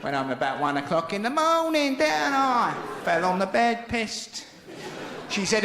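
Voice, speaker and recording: A man's voice: sits high, sing-song, measured pace, very noisy. A middle-aged man doing stand-up, telling a story conversationally and acting out the other voices. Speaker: stand-up comedian. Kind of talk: stand-up routine. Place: large comedy venue. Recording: echoey live venue with loud crowd.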